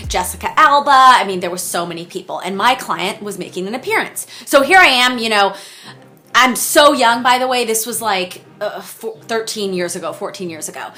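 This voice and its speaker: A woman in her thirties telling stories to camera in a casual vlog, chatty and animated, full of fillers and acted-out exclamations. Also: mid-range voice, normal speed, soft background music. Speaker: celebrity wardrobe stylist telling stories.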